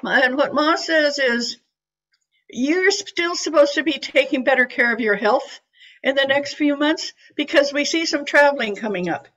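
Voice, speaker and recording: A woman's voice: high-pitched, normal speed, a bit bright. A woman in her eighties giving a chatty, reassuring psychic reading over a video call, with frequent fillers. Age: 80s. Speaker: psychic reader. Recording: dull lo-fi call audio.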